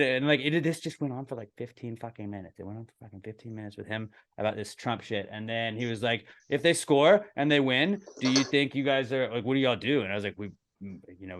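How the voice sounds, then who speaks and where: Fast-talking man telling a bar story. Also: mid-range voice, fairly bright tone. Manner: rambling, swears, many restarts, acts out quotes. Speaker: podcast co-host. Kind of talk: casual storytelling chat.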